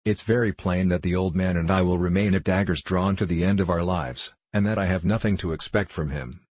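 A man voicing a scheming young man who presses his point in a slow, steady, insistent way. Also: sits low, husky, dry recording.

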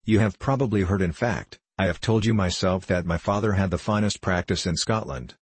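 Man reading blustering ruined doctor, boisterous, suspicious, bass voice, dry sound. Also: brisk, husky, no room sound. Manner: blustering, roaring, confiding.

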